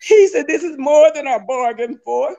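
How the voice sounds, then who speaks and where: A woman gives a fervent spoken religious testimony. Her voice sits high and gravelly, and she talks in a tearful, repetitive way. The recording sounds dull and lo-fi. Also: normal speed, warm tone. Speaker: testimony speaker.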